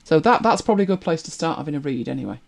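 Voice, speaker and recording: A woman's voice: sits low, lively intonation, racing, gravelly, a little mellow, slight background noise. A British woman co-hosting a casual live stream, rambling through forum posts and viewer comments, humming to herself and chuckling as she goes.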